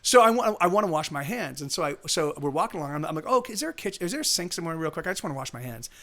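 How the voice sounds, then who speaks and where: A man on a live stream tells a long story in a loose, rambling way, restarting his sentences and acting out what people said. He talks quickly, and his voice sits high for a man. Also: big pitch swings, pushed and bright. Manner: rambling, full of restarts and acted-out quotes. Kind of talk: casual storytelling.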